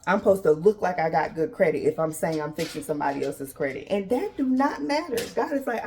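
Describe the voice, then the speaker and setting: Animated woman preaching to her listeners. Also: lowish voice, quick pace, few pauses, slight background noise. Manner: animated, acts out dialogue with God and others; conversational, addresses listeners as y'all. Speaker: podcast host. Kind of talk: faith-based personal talk.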